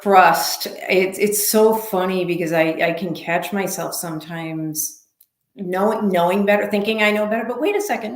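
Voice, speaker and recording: A woman guest on an online show, speaking reflectively and softly in casual conversation. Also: medium pitch, a little slow. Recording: echoey room.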